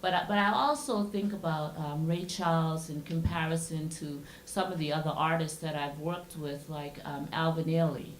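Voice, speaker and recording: Low-voiced woman on a roomy panel. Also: fairly even intonation, normal speed, hardly any pauses, a little hiss or hum. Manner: reflective, with many hesitations. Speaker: panelist, dancer. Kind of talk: panel discussion remarks. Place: symposium panel in a large room. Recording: roomy room sound.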